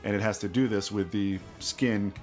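A man co-hosting a film podcast, talking in a relaxed way with dry humor and some hesitations. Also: lowish voice, moderate pace, soft background music. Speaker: podcast co-host. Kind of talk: casual chat about films.

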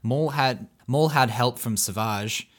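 A man's voice: medium pitch, slow, fairly bright tone. A man from the United States co-hosting a podcast in casual chat, laughing often as he reads out listener comments. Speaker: podcast co-host.

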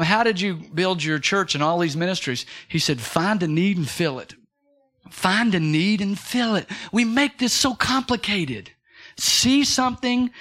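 A man with a high, bright speaking voice preaches with lively energy. He builds rhythmic repeated phrases and calls on the congregation to answer back. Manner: energetic preaching with call-and-response. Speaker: pastor. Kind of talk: sermon.

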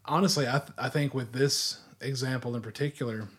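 A man co-hosting a casual discussion podcast, speaking haltingly with frequent restarts. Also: medium pitch, fairly even intonation, fairly bright tone. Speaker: podcast co-host.

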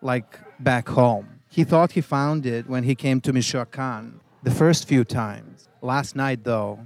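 A man's voice: mid-range voice, slow pace, creaky, a little mellow, soft background music. A man in a restaurant chatting about tacos and reading a review aloud in an earnest, storytelling way. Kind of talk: casual food-review chat. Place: taco restaurant with music playing.

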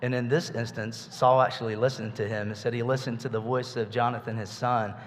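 Conversational preacher in an echoey hall. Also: male voice, mid-range voice, little pitch movement, brisk. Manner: conversational, asks the listeners rhetorical questions. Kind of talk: sermon. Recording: echoey hall with long reverb.

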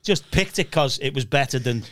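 A middle-aged man telling school stories in a casual chat, animated and laughing. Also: medium pitch, fairly quick, no room sound. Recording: background noise.

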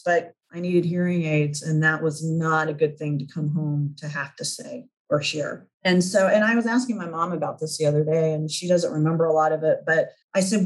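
Lively woman guest telling her story. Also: low voice, poor audio. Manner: animated storyteller who acts out remembered dialogue, laughs often. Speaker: interview guest. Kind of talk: storytelling in a conversational interview.

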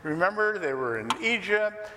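A pastor preaching a sermon in an animated, conversational way with joking asides. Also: male voice, high voice, normal speed, big-room sound, background noise. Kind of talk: expressive sermon teaching.

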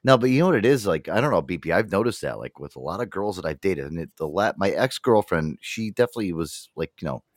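Podcast co-host, male, rambling and profane, animated delivery, dry mic. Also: sits low, quick pace, hardly any pauses, dry recording. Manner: profane, rambling, laughs a lot, animated quoting voices. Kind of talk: casual chat.

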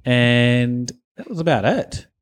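A man's voice: medium pitch, animated, takes it slowly. A man co-hosting a podcast, chatting in a laid-back, hesitant way with ums and trailing phrases. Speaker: podcast co-host. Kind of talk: casual chat.

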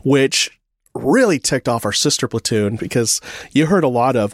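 A man hosting a casual podcast chat, telling an army story with lively acted-out quotes and frequent laughs. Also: mid-range voice, moderate pace, breathy edge, no echo, clean studio sound. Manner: animated storyteller, acts out quotes, laughs often.

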